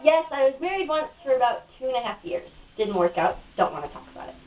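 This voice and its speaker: A woman's voice: high voice, big pitch swings, fast. A woman being interviewed in a casual home video, talking in a frustrated, cynical rant. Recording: dull lo-fi, mic at a distance.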